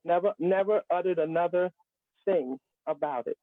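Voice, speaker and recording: This guest speaker, a woman with a lowish voice, speaks at a normal pace as she shares something personal on a live stream. She's earnest and emphatic, with funny asides, and the audio is dry but tinny, like a phone line.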